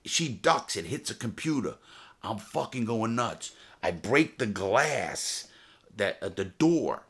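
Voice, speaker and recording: A former jewel thief telling his prison stories in a casual, profane, animated way, full of restarts. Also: fairly low pitch, slow, gravelly, husky. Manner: profane, animated, heated retelling with many restarts. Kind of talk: casual storytelling to camera.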